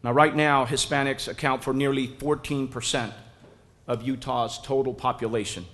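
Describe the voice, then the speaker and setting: A man's voice: mid-range voice, steady tone, normal speed, a bit bright. A man giving a polished, courteous prepared speech as a business chamber president at a press conference. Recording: long reverb of a large room.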